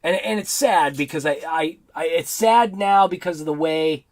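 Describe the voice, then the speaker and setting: A man's voice: fairly high pitch, normal speed. A man with a Boston accent hosting a casual livestream, rambling and laughing as he reads chat aloud. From Boston area, United States. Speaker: livestream host.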